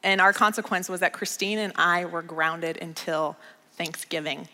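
Bright-voiced woman pastor preaching. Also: on the low side, steady tone, moderate pace, long reverb tail. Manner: storytelling, emphatic repetition. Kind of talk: conversational sermon.

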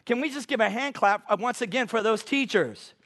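A man with a notably high voice preaches with emphasis, stretching out his scripture quotes. He sounds middle-aged and speaks as a guest preacher. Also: fairly quick, fairly bright tone, some chatter behind, slight background noise. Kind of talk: sermon.

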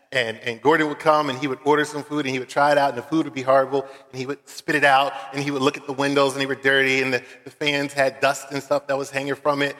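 With a mid-range, fairly bright voice, a man from Philadelphia preaches as a visiting guest in a church sanctuary. His sermon is earnest yet conversational, stories laced with casual fillers, all carried on long church-hall reverb.

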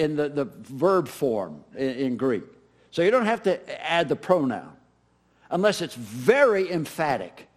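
A middle-aged man preaching a sermon as pastor, emphatic and repeating key phrases. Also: fairly high pitch. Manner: animated, emphatic preaching with repetitions.

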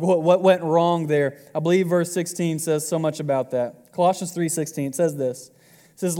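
A man's voice: a little high, warm tone, long reverb tail. A man in his twenties preaching a sermon to his congregation in a casual, joking way. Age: 20s. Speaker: pastor.

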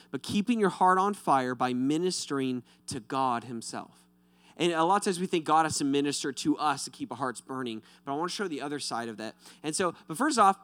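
A young man preaching, his voice bright and crisp. He tells animated, self-deprecating stories. The sound is dry and close. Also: on the high side, no room sound. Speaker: pastor. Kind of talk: sermon with personal stories.

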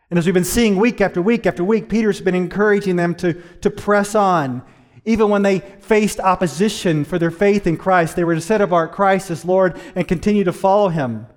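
A middle-aged male pastor delivering a sermon in an earnest way. His voice sits a little high for a man, and he slows right down to stress his key points. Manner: earnest, varies pace, slows down for emphasis.

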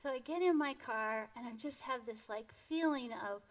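A woman telling a personal story in a gentle, unhurried way, then guiding listeners through a quiet reflection, often dropping to a soft hush. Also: a little high. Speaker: storyteller and meditation guide.

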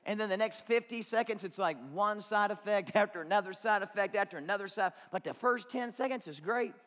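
A man's voice: high-pitched, brisk, fairly bright tone, in a large hall. A man preaching a sermon as pastor, conversational and joking, acting out quotes to the congregation.

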